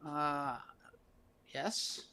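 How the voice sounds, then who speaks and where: A man's voice: on the high side, steady tone, extremely slow, vocal fry, sharp tone. Joking, emphatic man on a podcast. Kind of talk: casual podcast chat.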